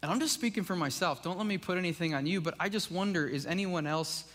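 A man with a fairly high voice gives a casual, conversational sermon, leaning on "like" and "right?" as he talks to the congregation. The sound carries a long reverb from the church hall around him. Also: quick pace, a bit bright. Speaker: preacher. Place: church sanctuary.

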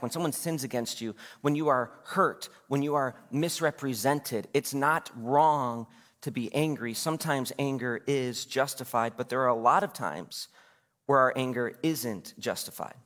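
With a medium-pitched, slightly bright voice, a pastor in his thirties delivers a conversational church sermon. He asks his congregation questions and acts out quotes, his words carried by a long hall reverb.

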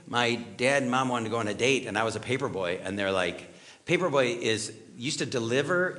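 Man, middle-aged, pastor, sermon, chatty storytelling, animated intonation. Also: medium pitch. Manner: conversational, storytelling, asks the audience questions.

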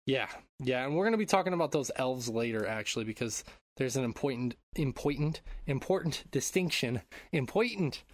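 A man's voice: medium pitch, dry recording. A man co-hosting a podcast in casual chat, rambling and joking, swearing freely. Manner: rambling, animated, swearing, quick to joke. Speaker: podcast co-host.

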